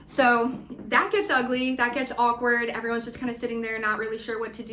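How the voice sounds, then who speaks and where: A woman's voice: on the high side, flat delivery, moderate pace, pushed and bright, slight background noise. A woman hosting a casual, hyped reality TV recap on her channel, chatty and playful, cheering people on. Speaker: YouTube recap host. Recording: echoey room.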